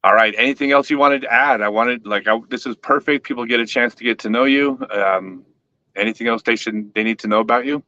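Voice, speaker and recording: A man's voice: mid-range voice, fairly quick, sharp tone, muffled recording. A man hosting a casual interview, rambling with restarts and teasing playfully. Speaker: host, disc company owner.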